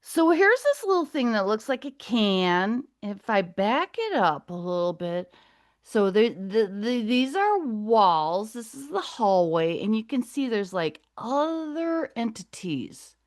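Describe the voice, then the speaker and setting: A woman's voice: a little high, big pitch swings, takes it slowly. A middle-aged woman speaking to a group, chatty and digressive, often laughing as she tells a personal story. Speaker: guest speaker. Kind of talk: casual talk to a group.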